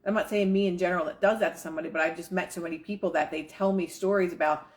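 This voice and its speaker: A woman's voice: lowish voice, steady tone, racing. A woman reading aloud from a self-help book and breaking off into casual, chatty commentary, slipping into quoted inner voices. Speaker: manifestation coach.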